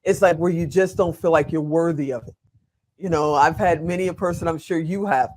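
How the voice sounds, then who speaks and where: A man's voice: on the high side, a little fast, slight background noise. An older man hosting an interview show, chatty, frank and enthusiastic. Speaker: host.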